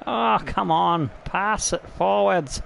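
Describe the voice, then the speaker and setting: A man with a high, slow voice showing vocal fry runs a gaming channel and commentates his own football video game match, with a little hiss or hum in the background. The talk is casual: he's excitable, laughs often, and swears freely.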